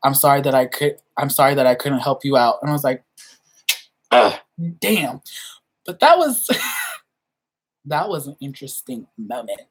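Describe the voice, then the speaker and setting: A young woman chatting to camera about her stories, her voice low and a little husky. She swings her pitch around a lot, jumping high when she acts out what people said. Her delivery is casual and laughing. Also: normal speed, long pauses. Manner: animated, acts out quoted voices with big pitch jumps, laughs often. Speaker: vlogger. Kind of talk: casual storytelling chat.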